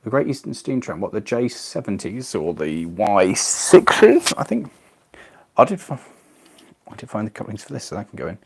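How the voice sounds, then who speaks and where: English guy on a live stream, lowish voice, chatty, reads out chat comments and jokes about himself. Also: very animated, moderate pace, vocal fry, breathy edge. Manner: chatty, reads viewer comments aloud, self-deprecating. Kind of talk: casual live-stream chat while model building.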